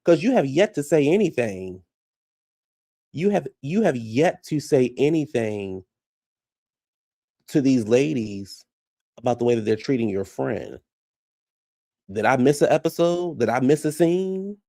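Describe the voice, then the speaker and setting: A man giving casual, profane reaction commentary on a reality show, blunt and animated, often laughing. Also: medium pitch, a little slow, gravelly, pauses often, no room sound, clean studio sound.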